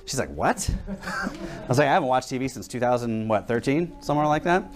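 A man's voice: medium pitch, lively intonation, fairly quick. A young adult man preaching a sermon in a conversational way, telling stories and asking rhetorical questions.

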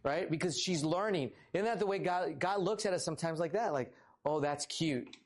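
A man in his thirties preaching a casual sermon as pastor, lively and talkative, rising for emphasis. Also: fairly quick. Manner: casual, animated, rises in pitch for emphasis. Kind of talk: conversational sermon.

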